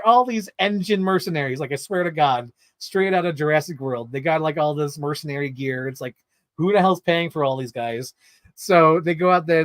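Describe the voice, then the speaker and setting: A man giving a casual movie review, excitable, laughing often and swearing freely. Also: fairly high pitch, no echo.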